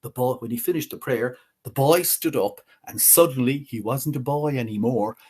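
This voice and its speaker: A man telling a folk tale in a measured way, slowing on key words. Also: mid-range voice, a little mellow, slightly rough. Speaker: storyteller.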